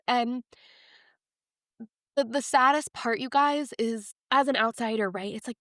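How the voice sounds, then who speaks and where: A young woman with a slightly high voice talks candidly, opening up about something personal with raw emotion. Her delivery is confiding and animated. The recording is dry and close, with no room sound. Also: measured pace, long pauses, no echo. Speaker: podcast guest.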